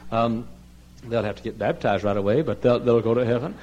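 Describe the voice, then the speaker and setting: A male pastor delivering a sermon in a church sanctuary. His voice drops to a hushed, earnest plea, then climbs into loud, ringing cries. He tells folksy stories and acts out the people in them. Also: medium pitch, brisk, highs cut off, slight background noise. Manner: swings between hushed pleading and loud shouted emphasis.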